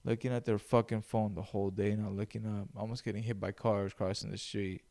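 A man's voice: on the low side, little pitch movement, fairly quick, creaky, dark tone. Male solo podcast host, casual, swears constantly, rambles. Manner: profane, rambling, loose.

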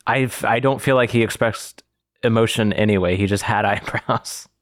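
Joking podcast guy, laughs a lot, lowish voice, dry room. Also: steady tone, normal speed, dry recording. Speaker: podcast host. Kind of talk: casual chat. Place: room, recorded in person with co-hosts.

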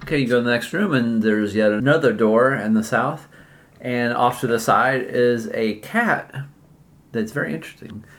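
A woman's voice: very deep voice, normal speed, slight background noise. A woman narrating as game master of a playful family tabletop game. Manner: playful, storyteller pacing.

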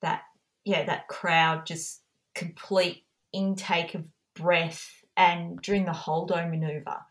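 A woman podcaster in casual conversation, looking back on memories in an easy, unhurried way. Her voice sits low for a woman. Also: little pitch movement. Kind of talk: casual chat.

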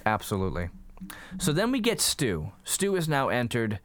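Animated man recapping a movie. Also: normal speed. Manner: animated storyteller, acts out quotes with jumpy pitch. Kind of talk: casual chat recapping a movie.

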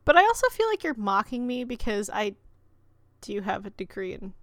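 A woman's voice: mid-range voice, sing-song, moderate pace, no echo. A woman co-hosting a podcast in casual chat, joking and sarcastic. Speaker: podcast co-host.

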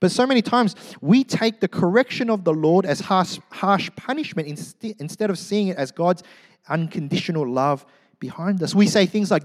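Brief: middle-aged male pastor, a touch high-pitched, animated joking sermon, drops to quiet asides. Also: moderate pace, long reverb tail. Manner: animated, joking, swings from loud to hushed. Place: church.

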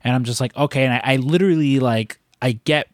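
A man with a Chicago accent tells stories in loose podcast chat, swearing often and restarting his sentences. His voice sits at a middling pitch. The close recording has no room sound. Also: quick pace, no room sound. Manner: rambling, swears a lot, many restarts.

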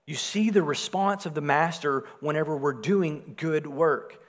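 Man preaching, fairly high voice, swells and drops in volume, long hall echo. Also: unhurried. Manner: rises in volume for emphasis, drops low and soft on key phrases. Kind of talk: sermon.

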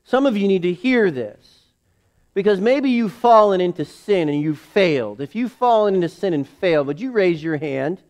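A middle-aged male pastor preaching a sermon to his church, building to emphatic calls and dropping into hushed asides. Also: expressive, moderate pace. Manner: preaching with emphatic rises, drops to low acted inner voices.

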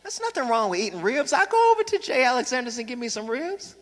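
Pastor, male, high bright voice, playful preaching, long church-hall reverb. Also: fast. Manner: lively preaching with humor, calls for congregation responses. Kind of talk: sermon. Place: church sanctuary.

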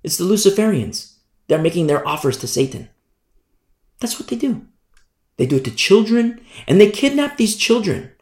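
A man preaching a sermon as pastor, hammering his points by repeating them and swinging between loud and hushed. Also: high-pitched, big pitch swings, moderate pace, long pauses. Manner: emphatic, repetitive preaching with sharp swings in loudness. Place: church room. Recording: roomy echo.

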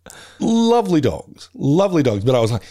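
Male co-host, laughs often, rambling anecdotes, lively up-and-down pitch. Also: a little fast. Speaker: podcast co-host. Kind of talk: casual chat.

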